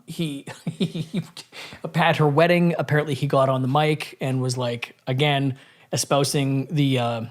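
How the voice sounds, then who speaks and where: A man in casual podcast conversation, telling a candid story with frequent swearing and many restarts. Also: medium pitch.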